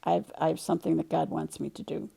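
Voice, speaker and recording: A woman's voice: low-pitched, fairly even intonation, fast talker, gravelly, warm tone, breathy edge, full character voice. A woman voicing Moses, a nervous, reluctant male prophet who pleads hesitantly. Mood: pleading.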